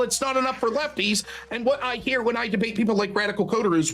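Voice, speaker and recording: A man's voice: very high-pitched, a bit bright, faint music behind. Guy on a live stream, swears a lot, rants over and over. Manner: rapid, profane, ranting. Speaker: stream co-host running the donation clock. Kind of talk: heated live-stream political talk.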